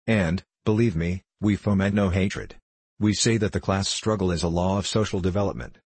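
A man reading a steady, patient male debater. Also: low-pitched, normal speed, slightly rough, no room sound. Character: earnest male socialist debater, confident.

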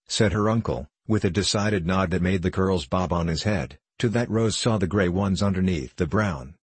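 Audiobook narrator, man: deep, husky, measured, dry close recording. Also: no echo. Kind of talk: scripted narration of a classic novel.

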